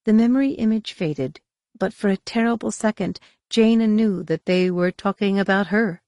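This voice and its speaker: A woman narrating a science-fiction audiobook in a measured, expressive reading on a close studio mic. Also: mid-range voice, no room sound. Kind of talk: scripted narration.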